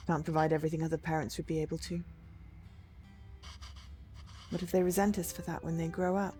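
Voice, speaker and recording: A woman's voice: sits low, fairly even intonation, brisk, dark tone, faint music behind, natural voice. A woman reading the lines of a young father in a story game, hesitant and deferential. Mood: worried. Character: anxious young father, polite and earnest.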